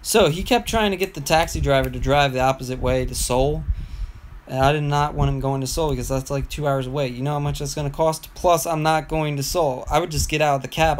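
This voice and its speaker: A young man talks loosely on a livestream, wandering through a story and restarting his sentences. His voice sits a little high for a man. A faint noise hums under the recording. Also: rough recording. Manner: meandering storytelling with frequent restarts. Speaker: gaming livestreamer. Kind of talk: casual rambling livestream chat.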